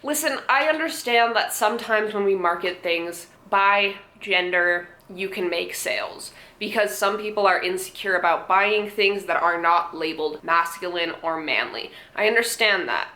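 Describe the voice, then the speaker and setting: A woman's voice: mid-range voice, normal speed, hardly any pauses, pushed and bright. A young woman vlogger giving blunt, sarcastic commentary, swearing and laughing often. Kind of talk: casual commentary. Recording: echoey room.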